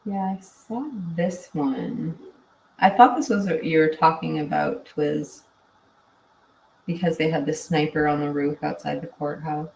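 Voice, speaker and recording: Chatty low-voiced woman, echoey room. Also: a little slow, creaky, a little hiss or hum. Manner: chatty, laughs often, tired and winding down. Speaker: livestream host. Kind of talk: casual livestream chat reading comments. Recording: echoey room, mic at a distance.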